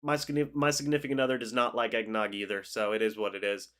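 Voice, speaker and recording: A man's voice: lowish voice, flat delivery, fast, a bit bright, clean tone. A young man with a congested voice, hosting a sports livestream in a laid-back, chatty way and reading out viewer comments. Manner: laid-back, chatty, reads out chat messages. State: congested after flu. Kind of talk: casual live chat reacting to viewer comments.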